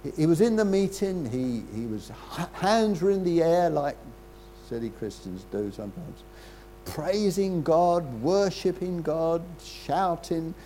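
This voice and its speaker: An older man preaching a sermon in a conversational way, with rhetorical questions and frequent throat-clearing. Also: on the high side, lively intonation, a little slow, mellow, a little hiss or hum.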